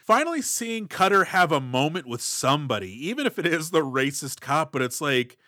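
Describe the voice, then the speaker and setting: A man with a somewhat high voice, co-hosting a film podcast and picking apart scenes in an analytical, measured way. The recording is close and dry, with no room sound. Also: very animated, bright, forceful tone, dry recording. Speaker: podcast co-host. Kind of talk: casual movie-review chat.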